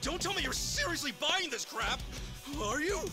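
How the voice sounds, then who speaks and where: An actor playing a brash, excitable, hot-headed young man in a video game, given to loud outbursts. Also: very high-pitched, normal speed, over music.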